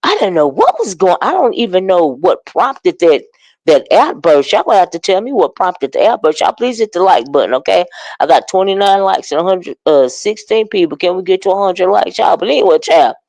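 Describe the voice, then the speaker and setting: Lively chatty woman hosting a live stream. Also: medium pitch, dry recording, poor audio. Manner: chatty, animated, greets chat viewers by name; exclamatory, with drawn-out "child" and "honey". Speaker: livestream commentary host. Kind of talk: casual live-chat commentary.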